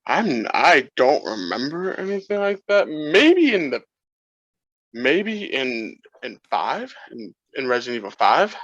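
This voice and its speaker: A man's voice: mid-range voice, sing-song, unhurried, a bit bright, no echo, muffled recording. A man co-hosting a casual film chat, rambling with many restarts as an eager game fan. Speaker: co-host.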